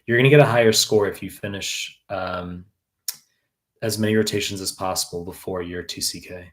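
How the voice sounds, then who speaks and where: A man's voice: sits low, normal speed. Blunt, profane man in his thirties. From New York. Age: 30s. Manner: blunt, profane, frequent fillers. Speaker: exam prep tutor. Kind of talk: live Q&A stream.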